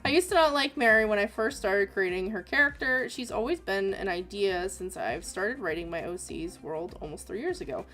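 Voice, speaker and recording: A woman's voice: mid-range voice, normal speed, few pauses, a bit bright. A young woman hosting an art livestream, chatting casually and giggling as she reads viewer messages aloud. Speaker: art streamer reading viewer submissions.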